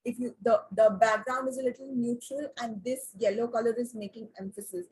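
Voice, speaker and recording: A woman teaching an online class, often asking the class questions and pausing with fillers. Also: fairly high pitch, a little mellow, husky, low-quality recording.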